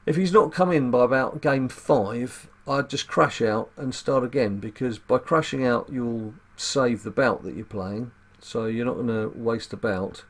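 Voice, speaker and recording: A man with a gravelly voice giving casual, wry commentary as he plays a card game and explains tactics. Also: mid-range voice, unhurried, few pauses. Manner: chatty and wry, muttering asides to himself. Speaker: gaming channel host.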